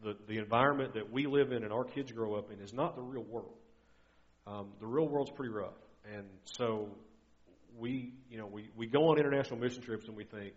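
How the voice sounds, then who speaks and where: A middle-aged man delivers a guest sermon at a brisk pace, his voice medium in pitch and the sound lo-fi. He comes across earnest and conversational, frequently restarting his sentences.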